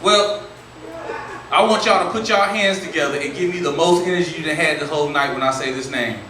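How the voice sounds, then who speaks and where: Man, comedy emcee, hyped friendly crowd-work, slightly high voice, echoey room. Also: fairly quick. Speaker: emcee introducing the headliner. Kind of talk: stand-up emcee patter. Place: live comedy venue. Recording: echoey room, distant mic, audience noise.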